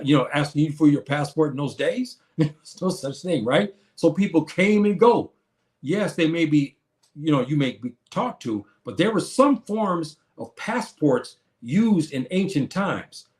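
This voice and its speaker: A man hosting his own show, talking casually and earnestly to viewers, with many restarts, calling them brother and sister. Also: a little high. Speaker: show host answering viewers. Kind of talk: casual livestream talk.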